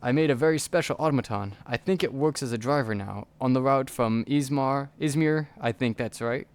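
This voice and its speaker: A man reading the lines of a brisk female inventor in a steampunk text game, chatty and wry. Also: medium pitch, clear, resonant tone, lightly acted.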